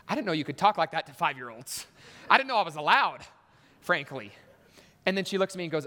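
A man's voice: on the high side, fast, sharp tone, big-room sound. A man preaching a sermon in a church, telling stories and acting out voices with punchy emphasis.

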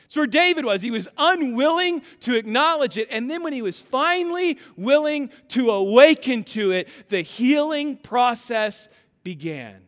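A man preaching with a very high, bright, forceful voice. He tells emphatic stories and plays the people in them. His voice rings with long reverb in a church hall. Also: expressive, moderate pace. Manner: storytelling, emphatic, acts out family voices. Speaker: pastor. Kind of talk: sermon.

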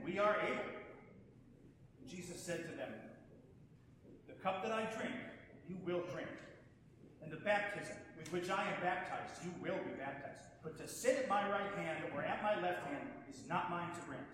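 Man, liturgical gospel reading, measured and unhurried, high pitch, cavernous echo, audible background noise. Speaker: scripture reader. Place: church sanctuary. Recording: very echoey church hall with background noise.

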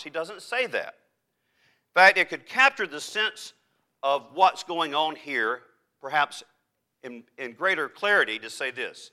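A man preaching a sermon as pastor, emphatic with dramatic pauses and occasional restarts. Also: a little high, animated, pushed and bright. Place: church.

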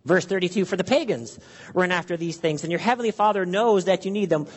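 A man's voice: high-pitched, fast talker, husky, long reverb tail. A man preaching an earnest sermon, acting out worried questions and prayers to his listeners. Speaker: pastor.

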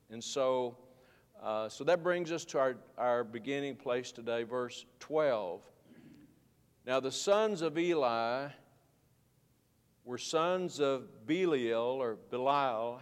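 A man's voice: medium pitch, clean tone, long reverb tail. A man teaching a Bible study lesson to his class, folksy and rambling, often restarting his sentences. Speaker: Sunday school teacher.

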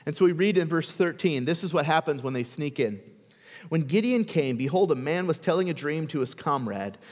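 A man's voice: on the high side, expressive, fairly quick, a little mellow, big-room sound. A male pastor preaching a sermon in a conversational way, often putting questions to the congregation.

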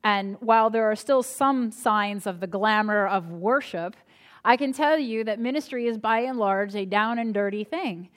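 A woman pastor with a high voice delivers a sermon. Her preaching is conversational and relaxed, and she tells humorous stories from her own ministry.

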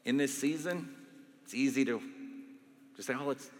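A male pastor giving a sermon in a conversational, animated storytelling way, in a church sanctuary. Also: mid-range voice, normal speed. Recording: long hall reverb.

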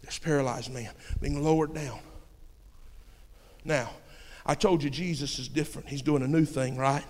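A man preaching a sermon with folksy turns of phrase, swinging between shouting and hushed storytelling. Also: fairly high pitch, fairly even intonation, normal speed. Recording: long hall reverb.

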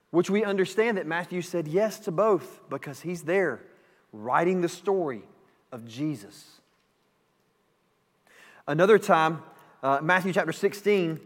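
A man pastor preaching a sermon, animated and emphatic, repeating key phrases. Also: high voice, measured pace. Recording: long hall reverb.

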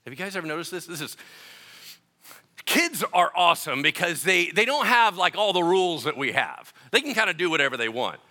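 A man preaching a sermon, an animated and joking storyteller who acts out little voices in his asides. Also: on the high side, fairly quick. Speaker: pastor.

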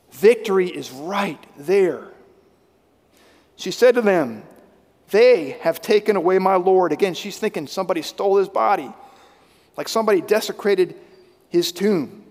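A man preaching a sermon as pastor, swinging between loud emphatic lines and hushed, intense ones. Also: high voice, long reverb tail.

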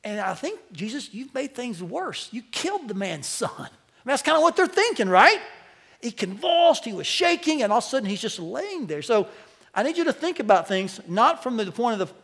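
A male pastor preaching a sermon to a church congregation, animated, his voice climbing as he quotes. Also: very high-pitched, a little fast, creaky. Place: church sanctuary.

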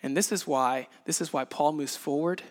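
A man in his thirties preaching a sermon in an animated way, acting out little scenes with sound effects. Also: a little high, normal speed. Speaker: pastor. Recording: reverberant hall.

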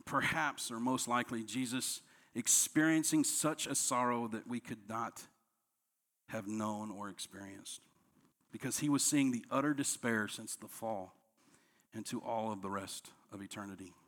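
A man, a pastor, preaching a sermon, dropping to soft, low lines and rising when he acts out quoted complaints. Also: normal speed. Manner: preaching with strong swings between soft, low lines and raised, higher quoted outbursts.

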